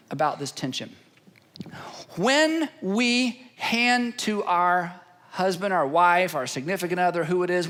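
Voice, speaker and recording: A male pastor preaching a sermon in an earnest, pleading tone, building his points through steady repetition. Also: high-pitched.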